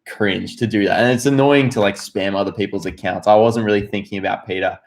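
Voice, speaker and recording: A young man with a fairly low voice, talking on a late-night home live stream. He mixes playful banter with plain, earnest talk, picked up by a camera-mounted microphone in a quiet indoor room. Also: fairly even intonation, brisk. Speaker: co-host. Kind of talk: casual live stream chat. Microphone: camera-mounted mic.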